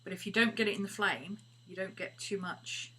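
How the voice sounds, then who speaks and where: A woman's voice: mid-range voice, brisk. Chatty woman over a humming background. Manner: chatty, often drops to a murmur. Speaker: craft streamer. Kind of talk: casual live craft stream chat. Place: home craft studio. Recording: steady background hum.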